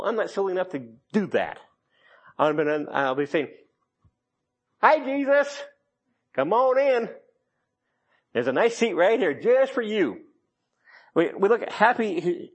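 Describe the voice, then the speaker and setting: A man's voice: sits high, husky. A middle-aged man preaching a sermon in a rambling, folksy way, full of restarts and jokes.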